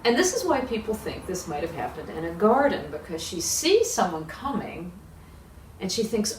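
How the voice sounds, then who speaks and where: A woman leading children's worship, telling a Bible story with big expressive swings, recorded in a roomy space from a distance. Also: medium pitch, normal speed. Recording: echoey room, distant mic, faint hiss.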